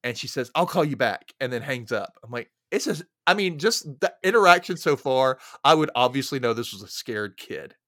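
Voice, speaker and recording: Male podcast host, casual movie recap, dry close mic, mid pitch. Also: animated, normal speed, hardly any pauses, no room sound. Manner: laid-back, acts out characters with sudden loud yelps.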